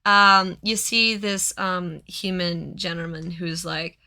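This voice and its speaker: A woman runs a tabletop game as game master, narrating in a relaxed, halting way with many fillers. Her voice is bright and slow, and the sound is dry. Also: on the low side, no room sound.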